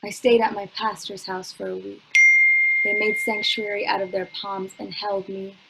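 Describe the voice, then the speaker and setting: A young adult woman reading her own spoken word poetry at a measured pace with long pauses, chatting with fillers between poems, over a computer mic from home. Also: medium pitch, flat delivery, vocal fry, very noisy. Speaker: poet. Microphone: computer mic on a video call.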